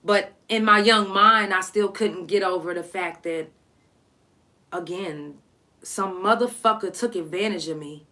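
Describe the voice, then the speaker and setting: A woman's voice: mid-range voice, a little slow, sharp tone. A woman podcast host telling a personal story in a candid, blunt, emotional way.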